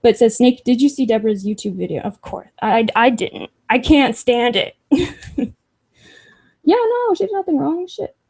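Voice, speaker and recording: A woman's voice: on the high side, expressive, normal speed, creaky, a little mellow, breathy edge. A young woman hosting a casual livestream, reading chat comments aloud with sarcastic, profane asides and frequent laughs.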